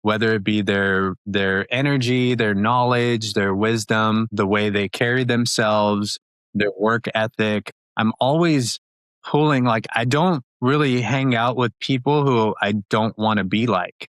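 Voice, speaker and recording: A man in his thirties, an upbeat and chatty interview guest who talks quickly with many fillers and laughs. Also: on the low side, fairly bright tone, smooth, no room sound. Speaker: podcast guest. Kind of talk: casual interview talk.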